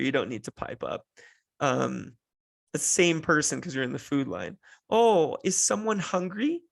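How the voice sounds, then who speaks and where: A man's voice: medium pitch, creaky, a bit bright, no echo. A tired man hosting a solo podcast, telling stories about parenting in an exasperated, sarcastic way. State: tired, run down. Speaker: podcast host and father.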